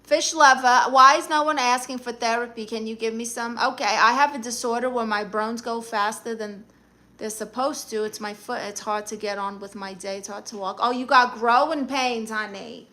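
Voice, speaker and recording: A woman with a thick Brooklyn accent chats casually with her viewers. Her voice sits slightly high and rings bright and forceful. She answers comments with sassy, quick comebacks. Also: fairly even intonation. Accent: Brooklyn New York. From Brooklyn, New York. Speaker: comedian live-streamer reading chat. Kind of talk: casual live-stream chat.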